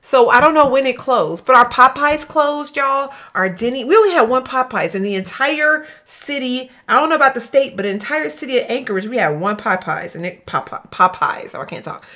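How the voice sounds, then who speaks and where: A woman's voice: sits high, brisk, few pauses. A young woman from Louisiana, chatting casually to her viewers while she plays a game. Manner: chatty, animated, talks to chat as "y'all". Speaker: gaming streamer. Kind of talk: casual live gameplay commentary.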